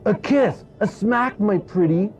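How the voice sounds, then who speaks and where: A man voicing a cheeky hunchbacked puppet husband in a squeaky singsong voice, on a dull lo-fi recording. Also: unhurried, darkish tone, breathy edge.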